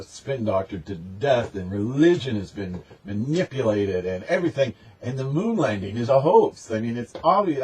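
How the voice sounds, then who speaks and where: A man's voice: mid-range voice, darkish tone, breathy edge. A man delivering a rambling, emphatic, unscripted monologue in a conspiratorial tone as a spiritual channel host.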